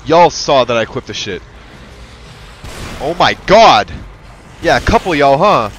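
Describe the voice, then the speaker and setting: A man giving let's-play commentary, excitable and profane, yelling at the game and talking to his in-game partner like a buddy. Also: medium pitch, a little slow, a little hiss or hum. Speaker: gaming channel host.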